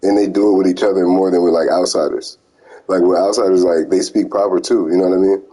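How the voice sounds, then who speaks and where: A laid-back man chats casually, dropping slang and swearing. His voice is low, mellow and a little husky. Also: steady tone, quick pace, poor audio. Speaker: conversation partner. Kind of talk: casual chat.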